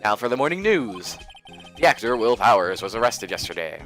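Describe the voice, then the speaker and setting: A man's voice: lowish voice, very animated, fairly quick, a bit bright, faint music behind. A man voicing a stiff male TV news anchor in a formal, announcer-like read. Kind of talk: game dialogue read aloud.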